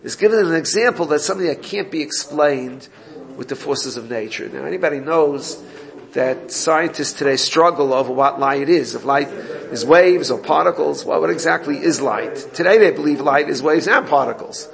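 Gravelly man teaching a Torah class. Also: fairly high pitch, moderate pace. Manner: explanatory, reads Hebrew text then translates.

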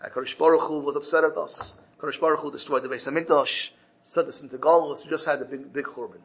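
A man's voice: fairly high pitch, fairly even intonation, quick pace, a bit bright, rough recording. A man teaching a Torah lesson and telling a parable, lifting his voice for the characters and often restarting phrases. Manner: storytelling, lifts his voice when quoting characters; repeats words and restarts phrases.

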